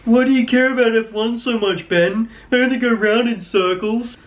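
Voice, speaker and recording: A man's voice: extremely high pitch, moderate pace, muffled recording, pitched above the performer's own voice. A man putting on the voice of a dismissive male non-fan who scoffs at motor racing. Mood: scoffing. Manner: dismissive, incredulous.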